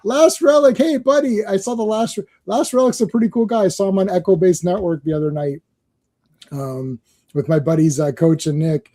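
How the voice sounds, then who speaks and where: A man's voice: high-pitched, normal speed. A middle-aged man co-hosting a podcast, telling rambling stories in casual chat and laughing often. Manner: animated, rambling storyteller who laughs often. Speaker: podcast co-host.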